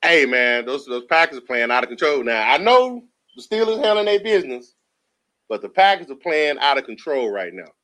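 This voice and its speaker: A man's voice: a little high, very animated, normal speed, pushed and bright. A man co-hosting a casual sports talk show, making emphatic, opinionated points.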